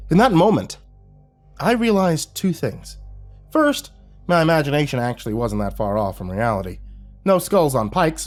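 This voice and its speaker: A man narrating a horror story in an expressive, wry and dramatic way. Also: fairly high pitch.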